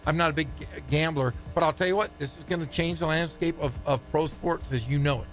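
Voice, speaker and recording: A man's voice: fairly high pitch, quick pace, faint music behind. A man co-hosting a sports talk radio show, talking emphatically and teasing his partner. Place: radio studio.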